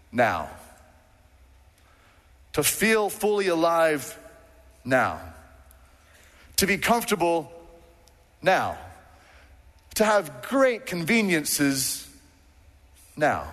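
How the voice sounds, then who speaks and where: Animated male pastor in a reverberant hall. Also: fairly high pitch. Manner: animated, acts out quoted voices. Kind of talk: sermon. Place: church sanctuary.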